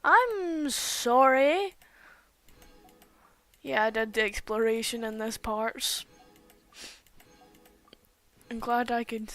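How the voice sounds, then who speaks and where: A young woman giving casual commentary while playing a game, excitable, with loud outbursts and whispered asides. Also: medium pitch, slow, long pauses. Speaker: gaming streamer.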